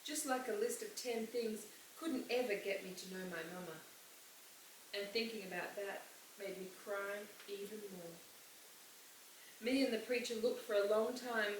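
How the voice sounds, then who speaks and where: A woman teacher reading a novel aloud to her class, with clear, expressive storytelling. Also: medium pitch, normal speed. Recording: roomy, distant mic, faint hiss.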